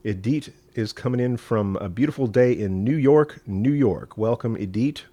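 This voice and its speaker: A rabbi from East Texas with a Southern accent, hosting a live-streamed teaching talk in a folksy, rambling way with many fillers. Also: male voice, mid-range voice, normal speed, warm tone, no room sound. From East Texas, USA. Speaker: rabbi and show host.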